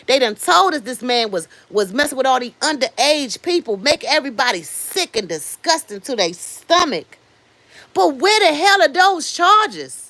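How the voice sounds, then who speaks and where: A woman in her fifties hosting a livestream, giving blunt, animated commentary, swearing freely and answering viewer comments. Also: high voice, dry recording. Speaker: livestream host. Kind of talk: casual commentary.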